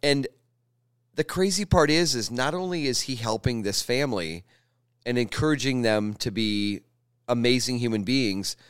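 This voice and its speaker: A man hosting a casual podcast chat, telling stories with animated emotion. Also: mid-range voice, normal speed, clean tone, dry recording, studio quality.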